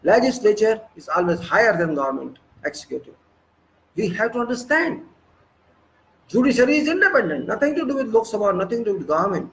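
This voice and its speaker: A man's voice: sits high, very animated, fast talker, a bit bright, a little hiss or hum, rough recording. A man with an Indian English accent giving an impassioned lecture, scolding and firing rhetorical questions at his listeners. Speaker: political speaker.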